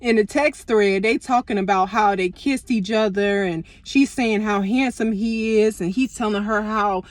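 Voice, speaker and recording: A young woman casually telling a personal story to camera, animated and full of profanity and slang. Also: medium pitch, normal speed, hardly any pauses, dry recording, clean studio sound. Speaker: storytime vlogger.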